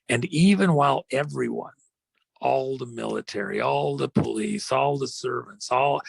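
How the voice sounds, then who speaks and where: Guest storyteller, male, gravelly and husky, with a rambling, dramatic delivery. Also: mid-range voice, no echo, poor audio. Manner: rambling, with many fillers and dramatic slowdowns.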